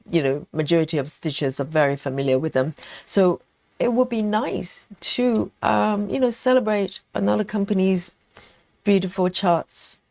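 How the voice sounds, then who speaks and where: A woman's voice: on the low side, no room sound. Chatty woman hosting a stitching stream. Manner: chatty, relaxed, many fillers, eating chocolate while talking. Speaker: cross-stitch livestream host. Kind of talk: casual livestream chat.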